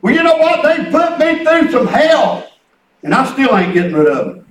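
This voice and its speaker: High-voiced folksy preacher man, echoey. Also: big pitch swings, moderate pace. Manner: folksy, repetitive preaching with storytelling. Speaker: pastor. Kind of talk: sermon. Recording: echoey room, distant mic.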